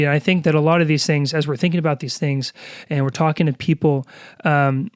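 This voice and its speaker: Young church podcast guy, twenties, talks fast, kinda high, dry. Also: fairly even intonation, clear, resonant tone, dry recording. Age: 20s. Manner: quick, earnest, lots of fillers. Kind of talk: casual chat.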